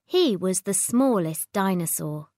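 Storyteller: woman reading to children, slow and expressive, dry close sound. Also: mid-range voice, dry recording.

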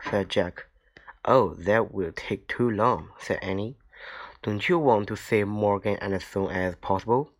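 Slow, careful man reading a storybook. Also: on the low side. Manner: slow, careful reading with small slips and restarts. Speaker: reader. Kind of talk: reading a children's book aloud.

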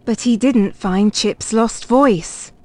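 A woman reading a children's picture book aloud, clear and expressive. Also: on the high side, slow, no room sound. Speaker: storybook reader.

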